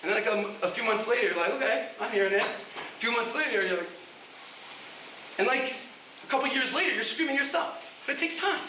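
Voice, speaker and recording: Excitable high-voiced rabbi in an echoey room. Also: male voice, a little fast, long pauses, far from the mic, noisy background. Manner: excitable, shouts and laughs, many restarts and Yeshivish terms. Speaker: guest rabbi lecturing yeshiva students. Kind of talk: animated informal talk to students. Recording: echoey room, speaker away from mic.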